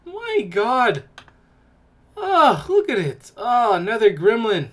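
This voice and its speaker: Slow, animated mocking woman host. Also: a little high. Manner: mocking, exclaiming, laughing in disgust. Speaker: podcast host. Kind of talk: casual reaction commentary.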